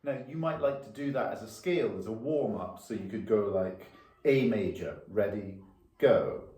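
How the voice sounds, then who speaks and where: A man's voice: lowish voice, normal speed, over loud music. A man giving a violin lesson, patiently explaining rhythm and counting the beats aloud. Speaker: violin teacher. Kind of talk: music lesson. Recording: echoey room.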